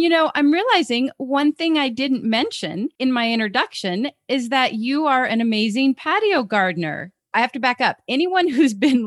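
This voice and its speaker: A young adult woman hosting a podcast, cheerful and quick to laugh. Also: fairly high pitch, fairly bright tone, no echo, clean studio sound. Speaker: podcast host. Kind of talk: upbeat podcast chat.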